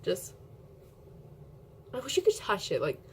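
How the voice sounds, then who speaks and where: A woman's voice: mid-range voice, wildly swooping pitch, measured pace, breathy edge. A young woman vlogging at home into her camera mic, chatty and giggly, rambling with lots of filler words. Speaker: beauty vlogger. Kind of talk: casual rambling vlog.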